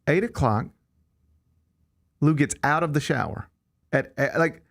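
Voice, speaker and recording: A man's voice: a little high, a little slow, vocal fry. A middle-aged man hosting a sports show, telling self-deprecating stories in casual chat. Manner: animated, self-deprecating storytelling.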